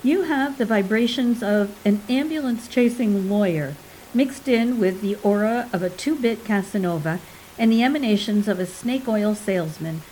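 A woman's voice: medium pitch, moderate pace, a little hiss or hum, lightly acted, rough recording. A woman reading a story, voicing a sick aging man who speaks curtly and bitterly. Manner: sharp, scornful delivery.

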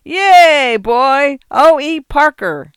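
Guy doing a big loud barroom type, yelling and teasing, clean dry sound. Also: sits high, lively intonation, normal speed, clean tone, no echo, pitched above the performer's own voice. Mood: jeering. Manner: hollering, jeering. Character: loud rowdy big man in a pool hall.

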